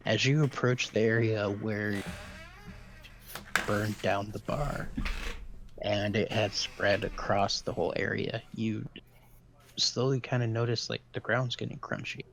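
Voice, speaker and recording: A man narrating as dungeon master of a tabletop game, describing scenes in a relaxed, halting way. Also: fairly low pitch, creaky, a little hiss or hum.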